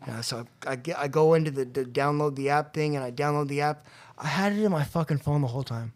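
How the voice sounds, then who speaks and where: At a convention venue, a young man appearing as a podcast guest tells the story of his addiction recovery, speaking fast in a slightly high voice. He acts out the voices of the people involved and laughs often.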